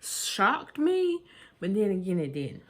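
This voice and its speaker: A woman's voice: medium pitch, wildly swooping pitch, slow pace. A woman vlogger hosting a gossip segment, talking straight to her viewers in a sassy, chatty way, laughing and exclaiming between remarks. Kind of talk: casual celebrity gossip commentary.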